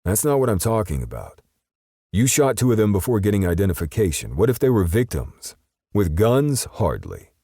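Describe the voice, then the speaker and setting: A man voicing a calm male assassin who questions a captive in a measured way, in an audiobook. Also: on the low side, no echo, studio quality, voice pushed up. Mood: steady.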